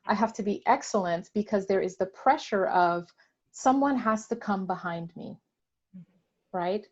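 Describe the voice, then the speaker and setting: Measured woman on a dull video call. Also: medium pitch. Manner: deliberate, reflective, occasional laughs. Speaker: panelist. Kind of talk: candid discussion.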